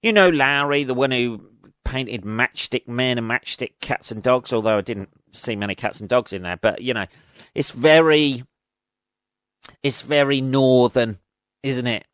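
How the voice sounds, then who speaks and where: A man's voice: medium pitch, a little slow, a bit bright, clear, resonant tone, dry recording, studio quality. A man hosting his own podcast as a comedian, rambling in a sweary, self-mocking way. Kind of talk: rambling casual monologue. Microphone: studio podcast mic.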